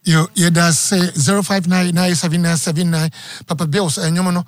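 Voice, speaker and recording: A man with a Ghanaian accent hosting a live sports call-in radio show, energetic and chatty, repeating the phone number. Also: high voice, fairly quick, no echo, clean studio sound. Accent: Ghanaian English.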